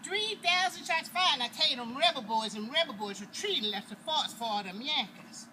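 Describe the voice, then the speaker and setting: A woman putting on an eager young enslaved boy who recalls the war with quick, excited dialect. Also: high-pitched. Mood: storytelling. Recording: noisy outdoor recording with passing traffic.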